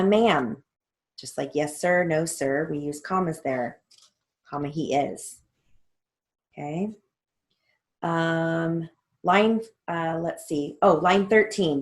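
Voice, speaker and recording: A court reporting instructor with a deep voice reads through a transcript one line at a time, calling out every punctuation mark as she goes. She speaks slowly, and the clip is a recorded walkthrough of a theory lesson.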